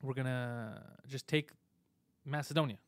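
A man hosting a live show, giving a fast, opinionated rant full of swearing. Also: medium pitch, steady tone, dry recording. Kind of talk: casual live-stream chat.

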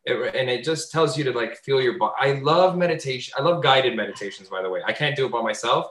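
A man talking casually on a podcast, animated and swearing freely, often jumping into loud high voices to act out bits. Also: quick pace, echoey room, low-quality recording. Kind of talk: casual chat.

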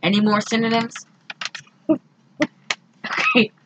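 A woman co-hosting a casual podcast, recapping a movie in an animated, exasperated way. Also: a little high, takes it slowly, noisy background. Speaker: podcast co-host.

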